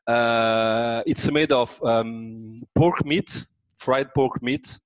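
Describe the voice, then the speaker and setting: Deep-voiced man with a French accent. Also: steady tone, no room sound, poor audio. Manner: hesitant, many pauses and restarts. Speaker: guest. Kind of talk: casual chat.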